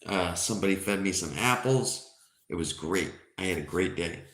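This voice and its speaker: A man's voice: low-pitched, normal speed, a bit bright. A man voicing a cheerful male duck in a joke he tells, cheery and boastful about his day. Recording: roomy echo.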